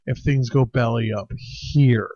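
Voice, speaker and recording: A man's voice: medium pitch, takes it slowly, warm tone, no room sound. Man, casual podcast banter, laid-back, cursing, dry close sound. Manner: laid-back, swears, keeps asking "you know what I'm saying". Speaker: podcast co-host. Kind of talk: casual chat. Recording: dull lo-fi podcast audio.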